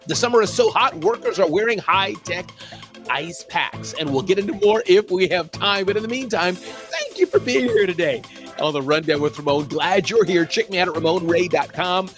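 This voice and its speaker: A man's voice: sits high, lively intonation, moderate pace, music in the background. A middle-aged man hosting a live business show, riffing energetically and giving emphatic warnings. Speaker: show host.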